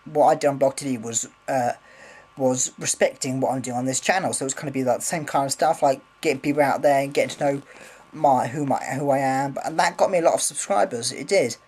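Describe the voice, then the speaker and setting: A man's voice: mid-range voice, fairly quick, a little mellow, breathy edge, poor audio. A man rambling casually in a vlog, swearing freely, filming on a handheld camera. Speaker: vlogger.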